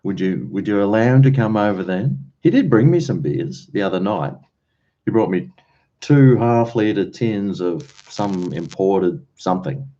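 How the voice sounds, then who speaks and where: Australian male streamer, low mellow voice, chatty rambler, muffled home recording. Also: expressive, measured pace. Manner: rambling, chatty, uses slang and mate. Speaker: livestream host. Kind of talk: casual chat with live viewers. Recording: dull lo-fi stream audio.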